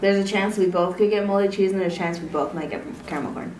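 A woman's voice: mid-range voice, fairly even intonation, fast talker, darkish tone, slight background noise. A young woman hosting a casual challenge video, playful and bold, swearing freely. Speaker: channel host. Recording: echoey room, from off-mic.

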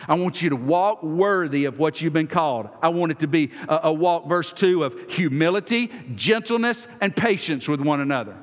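A man's voice: on the high side, expressive, moderate pace, hardly any pauses, long reverb tail. A man preaching a sermon as pastor in a church sanctuary, talking in a folksy, conversational way and acting out little exchanges. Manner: folksy, acts out little dialogues.

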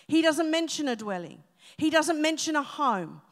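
A woman's voice: high-pitched, very animated, normal speed. A woman pastor, preaching a live sermon with emphasis and humorous asides. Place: church auditorium, live congregation. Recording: reverberant live church hall.

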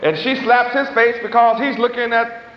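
A man's voice: extremely high pitch, fairly even intonation, a little hiss or hum. A man preaching a sermon in a dramatic, folksy style, stretching out words for emphasis, with chuckling asides and loose grammar. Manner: dramatic, swooping emphasis, slow drawn-out stresses. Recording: echoey hall, muffled old tape.

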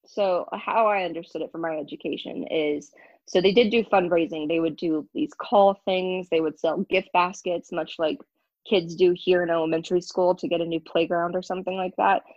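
A woman's voice: fairly low pitch, steady tone, normal speed, darkish tone, dry recording, highs cut off. A young woman telling her story as an interview guest, candid and emphatic. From United States. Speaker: guest, ex-member of a church. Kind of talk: casual interview talk.

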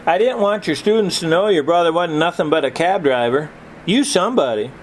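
A man's voice: a little high, expressive, brisk, slight background noise, voice pushed up, lightly acted. A man voicing a proud, commanding older brother who talks in a firm, folksy way. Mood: earnest.

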